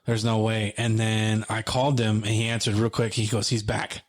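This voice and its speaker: A man's voice: on the low side, little pitch movement, normal speed. A man co-hosting a podcast, retelling an emotional story and acting out the phone calls in quoted dialogue. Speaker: podcast co-host. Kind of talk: emotional storytelling in casual conversation.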